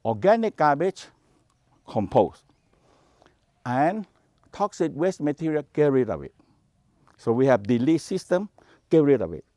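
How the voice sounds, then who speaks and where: Animated man teaching in broken English. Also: fairly high pitch, unhurried, pauses often, no room sound, clean studio sound. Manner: animated, non-native English grammar in short repeated phrases. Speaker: Taoist meditation teacher. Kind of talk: spoken teaching to a workshop.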